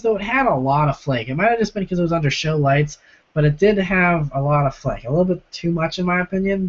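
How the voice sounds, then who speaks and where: A hoarse young man with a sore, rough throat hosting a casual live-stream Q&A from home, chatting as he reads out and answers viewer comments. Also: fairly high pitch. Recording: lo-fi stream audio.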